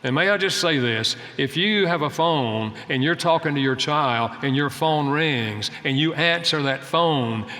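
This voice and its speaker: A man's voice: fairly high pitch, lively intonation, a little slow, few pauses, bright, forceful tone, big-room sound. An older man giving an earnest, folksy sermon-style talk about family life, telling stories from his own home. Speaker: speaker on family and marriage.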